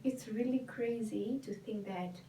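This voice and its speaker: A woman's voice: fairly high pitch, unhurried, mellow, slight background noise. A young woman vlogger telling a personal story to camera, emphatic and heated, acting out the dialogue. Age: young adult. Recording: roomy, distant mic with guitar music behind.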